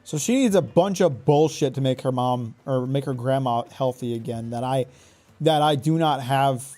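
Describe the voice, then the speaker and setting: A man's voice: medium pitch, moderate pace, dark tone, faint music behind. A man with a Midwestern American accent, chatting casually and rambling while streaming a game, swearing freely. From Oregon, raised in Michigan. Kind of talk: live gameplay commentary chatting with viewers.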